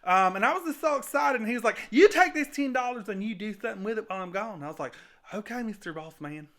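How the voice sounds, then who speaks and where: A man plays a sheepish servant spilling his side of the story in a comic interview. He rambles on with fillers and a folksy y'all. The voice is bright and his pitch jumps around a lot. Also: animated, rapid-fire. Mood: rambling. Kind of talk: comedic skit interview.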